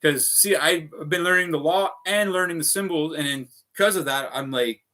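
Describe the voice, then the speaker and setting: A man talks straight to his viewers in a loose, rambling livestream. His voice sits a bit high with a sharp, bright edge. He curses freely and strings thoughts together with constant fillers. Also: moderate pace. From Canada. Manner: profane, restless, full of fillers.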